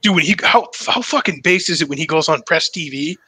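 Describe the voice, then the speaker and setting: A man from Boston co-hosting a casual podcast, bantering excitably with slang and swearing. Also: a little high, fairly quick, slightly rough. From Boston, USA. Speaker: podcast co-host.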